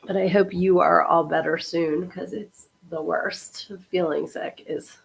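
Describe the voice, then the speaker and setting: A woman in her fifties, hoarse from a cold, hosting a casual livestream podcast and chatting with her viewers in an apologetic, friendly way. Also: on the low side, steady tone, unhurried. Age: 50s. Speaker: podcast host and author.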